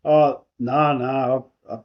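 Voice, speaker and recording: A softly spoken man with an Australian accent, a guest on a podcast, talking hesitantly with many pauses and restarts. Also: mid-range voice, steady tone, muffled recording. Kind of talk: casual interview chat.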